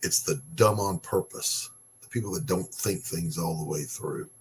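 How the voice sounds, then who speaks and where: A podcast host with a low voice delivers a casual opinion monologue, ranting bluntly and sarcastically with frequent swearing. He speaks off the cuff at a moderate pace, with a faint hiss of noise beneath him.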